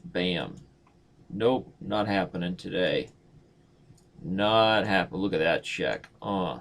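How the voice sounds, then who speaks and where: A man's voice: low voice, expressive, slow, gravelly. A man in his thirties giving casual, joking live-stream commentary as he plays, thinking aloud and mocking his own moves. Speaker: chess streamer.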